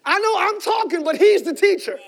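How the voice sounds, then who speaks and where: A male pastor preaching a sermon with fervent energy, often shouting and calling out to the congregation. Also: extremely high pitch, expressive, brisk, gravelly.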